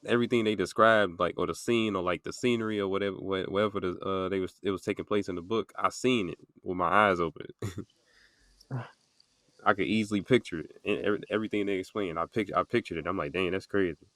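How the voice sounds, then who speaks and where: Deep-voiced young man, rambling casually. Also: steady tone, quick pace, a bit bright, dry recording. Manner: rambling, filler-heavy storytelling with many "like"s. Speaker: podcast host. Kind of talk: casual podcast chat.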